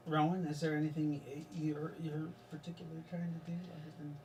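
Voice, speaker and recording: A game master narrating a tabletop game, soft-spoken and hesitant. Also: mid-range voice, little pitch movement, a little fast, muffled recording. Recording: distant mic, faint hiss.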